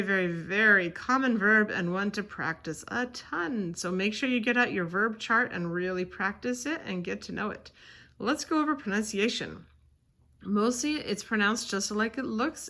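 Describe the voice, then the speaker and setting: A woman teaching a French grammar lesson from a textbook. She explains things casually, with ums and quick self-corrections. Her voice sits at a middle pitch. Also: fairly bright tone.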